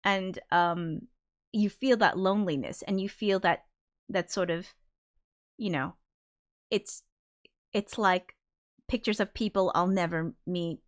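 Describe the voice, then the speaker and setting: A woman's voice: fairly low pitch, slow, pauses often. A woman hosting a casual livestream, thinking aloud as she explains her songs and now and then singing a line to show what she means. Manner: demonstrates by briefly singing lines. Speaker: livestream host and songwriter.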